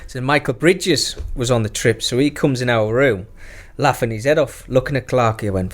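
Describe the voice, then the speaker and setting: Middle-aged man, ex-pro footballer guest, rowdy anecdotal storyteller, lots of swearing and laughter, average pitch. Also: moderate pace, few pauses. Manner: profane, laughing anecdote-teller. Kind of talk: casual storytelling.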